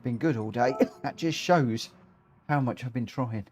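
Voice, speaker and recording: A man hosting a live racing game stream, talking excitedly and rambling, often tripping over his own words. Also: mid-range voice, moderate pace, faint music behind.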